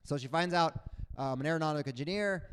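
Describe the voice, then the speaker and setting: A young adult man performing a stand-up comedy set, animated, jumping into loud high voices for the people in his stories. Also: quick pace, smooth. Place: comedy stage before a live audience.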